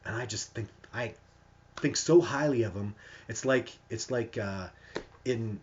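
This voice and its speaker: A man's voice: on the low side, a little slow, dull audio, a little hiss or hum. A man hosting a live stream, answering viewer questions in a casual, emphatic way and often restarting his sentences. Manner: emphatic and animated, with frequent restarts.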